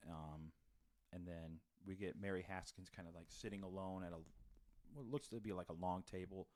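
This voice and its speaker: A man's voice: deep voice, fairly even intonation, moderate pace, darkish tone. A man co-hosting a podcast, casually recapping a film's plot with lots of fillers and restarts. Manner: rambling, many fillers and restarts. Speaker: podcast co-host. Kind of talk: casual movie review chat.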